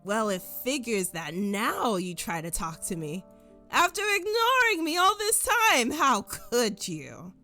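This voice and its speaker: A woman's voice: a little high, big pitch swings, slow, faint music behind, heavily acted. A woman voicing an elderly female spirit of chaos who is bitter and scornful. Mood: reproachful. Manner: bitter, resentful, loud.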